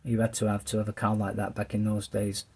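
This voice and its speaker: A man's voice: fairly low pitch, fast, husky. A middle-aged man with an English accent, telling a rambling personal testimony and acting out the voices of the people in it. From England. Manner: lively, rambling storyteller who acts out the voices in his story.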